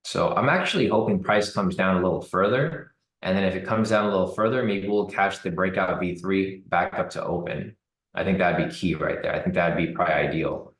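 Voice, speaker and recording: A man giving relaxed live commentary on a trading chart, thinking aloud with fillers. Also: low-pitched, brisk, reverberant, low-quality recording. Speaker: trading streamer.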